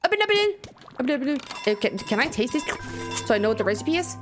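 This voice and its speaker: A woman streams a video game, chattering to herself and gasping at every new find. Her voice sits high and swoops up and down a lot. Soft game music plays underneath. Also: very animated, fast. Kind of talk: let's-play commentary.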